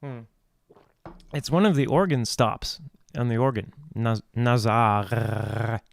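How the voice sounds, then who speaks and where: A man's voice: medium pitch, expressive, measured pace, no room sound. A man hosting a casual video chat about singing, rambling and restarting his thoughts. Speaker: host.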